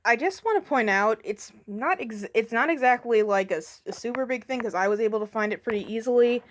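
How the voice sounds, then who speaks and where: Brief: woman commentator on the high side, sarcastic and cutting, hesitant fillers between barbs. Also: fairly quick, a little hiss or hum. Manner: sarcastic, profane, with frequent ums. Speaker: commentator responding to a video. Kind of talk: casual commentary rant.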